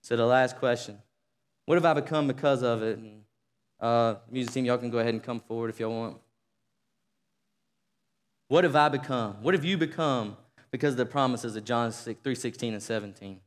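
A man preaching a sermon to a congregation, rising to fervent shouting and leading call-and-response. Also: mid-range voice, normal speed, long pauses. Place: church sanctuary. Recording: long reverb of a large hall.

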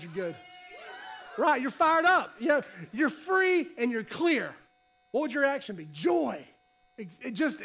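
High-voiced casual preacher man. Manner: conversational, animated when reading, talks to the congregation. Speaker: pastor. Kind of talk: casual sermon with scripture reading. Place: church hall.

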